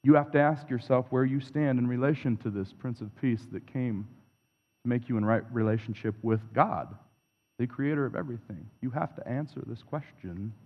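A man's voice: medium pitch, moderate pace, a little mellow. Reflective male preacher in a reverberant hall. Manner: reflective, confessional, builds through repeated phrases. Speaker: pastor. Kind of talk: sermon. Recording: long reverb of a large hall.

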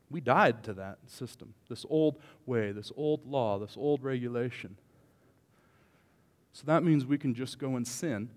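A male pastor delivers a lively sermon, dropping to quiet asides and then building to loud, emphatic lines. He jokes with the congregation as he goes. His voice carries a long reverb from the church hall. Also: mid-range voice. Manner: animated, joking, swings from quiet to loud.

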